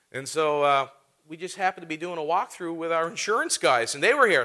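A man's voice: a little high, animated, normal speed, long pauses, bright, forceful tone. A man preaching a sermon, telling a funny story and laughing often as he talks. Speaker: pastor.

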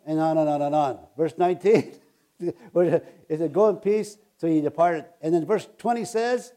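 A man preaching a sermon. He reads scripture aloud and breaks off into casual, animated asides, with loud emphatic bursts. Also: sits high, a little fast.

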